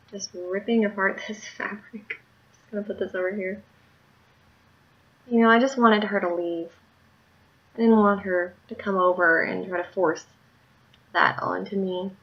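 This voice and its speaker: A woman's voice: medium pitch, steady tone, measured pace, long pauses. A tired woman telling a story in a candid, rambling video diary. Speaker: video diarist. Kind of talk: casual diary vlog. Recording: muffled lo-fi recording.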